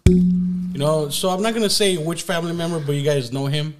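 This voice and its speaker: A man's voice: fairly high pitch, brisk, over music. A young man co-hosting a podcast, talking bluntly in casual slang and swearing a lot. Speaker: podcast co-host. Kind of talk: casual chat.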